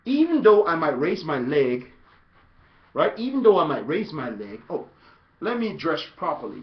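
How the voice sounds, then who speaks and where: A man coaching soccer in a casual video tutorial, playful and animated, breaking into loud shouts. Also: a little high, moderate pace, muffled recording.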